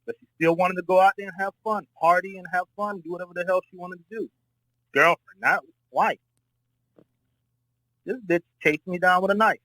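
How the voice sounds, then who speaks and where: Caller: man from Florida, blunt, profane raconteur, slightly high voice. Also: steady tone, normal speed, pushed and bright, no room sound, poor audio. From Florida, United States. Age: adult, married. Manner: profane, rambling storyteller. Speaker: debate caller. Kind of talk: casual spoken debate.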